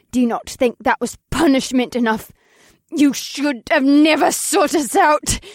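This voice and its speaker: A man's voice: sits high, darkish tone, husky, no room sound, clean studio sound, voice pushed up, heavily acted. A man voicing a cruel, deformed queen who talks in a cold, scornful growl, in a storybook reading.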